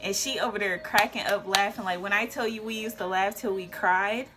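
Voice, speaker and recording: Animated young woman telling a story. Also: medium pitch, fairly quick, over music. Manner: animated storytelling with whispered asides and shouted quotes. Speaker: vlogger. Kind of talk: casual storytime.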